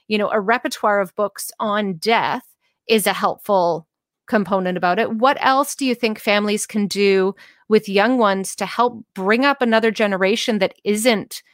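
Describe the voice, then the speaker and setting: A woman's voice: medium pitch, moderate pace, no echo, studio quality. A woman in her thirties hosting an interview, thoughtful, asking long winding questions as a parent of young kids. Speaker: podcast host. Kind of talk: conversational interview.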